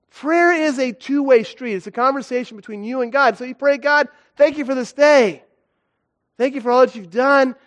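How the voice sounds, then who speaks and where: A young man preaching a sermon as a guest speaker, animated and acting out stories with big jumps in his voice. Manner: animated, acts out stories with big pitch swings.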